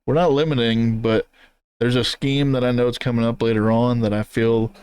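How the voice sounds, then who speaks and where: A man's voice: mid-range voice, fairly even intonation, normal speed, a little mellow, smooth, no room sound. A man with an ordinary mid-range voice chats casually as a podcast co-host, rambling a little as he talks things through. He laughs easily and keeps things loose. The sound is close and dry. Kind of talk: casual chat reviewing race car paint schemes.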